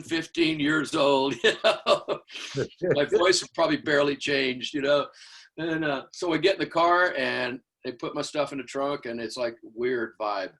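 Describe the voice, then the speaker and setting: In a storytelling interview, an older Houston, Texas drummer appears as a guest, speaking at medium pitch and a measured pace. He animates his tales by performing what people said and scatting drum patterns.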